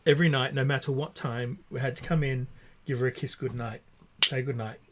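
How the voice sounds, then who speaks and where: A man in his forties from Australia with a light, posh Australian accent, chatting casually over drinks as host, halting with many restarts. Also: medium pitch, steady tone, a bit bright. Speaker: vlog host.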